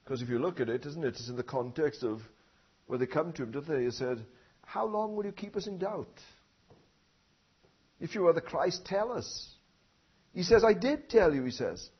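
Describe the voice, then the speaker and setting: High-voiced husky male preacher. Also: animated, normal speed, pauses often, lo-fi sound. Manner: rhetorical tag questions, swelling emphasis. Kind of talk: sermon.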